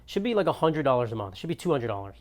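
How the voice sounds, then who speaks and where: A man's voice: mid-range voice, sing-song, rapid-fire. A young man from the United States ranting through an exasperated, profane comedic monologue as a podcast host in his apartment.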